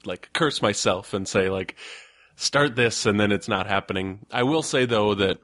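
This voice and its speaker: A man's voice: fairly low pitch, normal speed, a bit bright, no room sound, studio quality. A man who designs tabletop games, talking casually and earnestly, with frequent fillers and restarts. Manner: earnest, lots of fillers and restarts, laughs often. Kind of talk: casual podcast chat.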